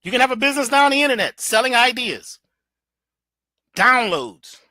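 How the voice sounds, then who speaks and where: Lively, bright-voiced preachy man. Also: very high voice, normal speed, no echo. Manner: preachy, emphatic, colloquial, plays with his voice. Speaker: guest speaker. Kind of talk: animated motivational talk.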